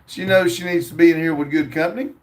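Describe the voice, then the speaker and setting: A man's voice: on the high side, quick pace. A man, hosting a live stream and reading viewer comments aloud in an easygoing way, with plenty of uhs. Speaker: livestream host reading chat. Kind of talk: casual livestream chat.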